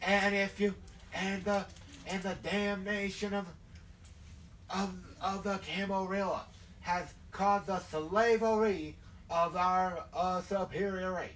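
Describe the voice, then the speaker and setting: A man's voice: high-pitched, fairly even intonation, slow, fairly bright tone. A man doing a Southern hellfire vampire preacher. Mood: fervent. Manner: hellfire-and-brimstone preaching, solemn repetition. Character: fiery male vampire preacher, zealous and grandiose. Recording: distant mic, faint noise.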